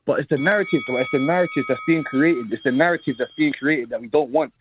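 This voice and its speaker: A man with a South London accent calling in to a boxing talk show, talking fast and insistently and repeating himself. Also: medium pitch, noisy background. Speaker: caller. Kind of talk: call-in boxing debate. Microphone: phone call. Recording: tinny phone line.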